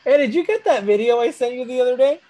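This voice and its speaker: A man's voice: extremely high pitch, expressive, fast, dark tone, poor audio. A young man co-hosting a casual podcast, telling rambling, profane stories and laughing often. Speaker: podcast co-host. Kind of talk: casual chat.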